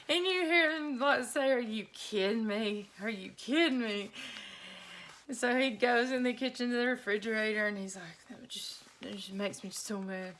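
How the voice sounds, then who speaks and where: A middle-aged woman telling a story casually while she crafts, chatty and quick to laugh, with lots of y'all. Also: fairly high pitch, fairly bright tone. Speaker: craft vlogger.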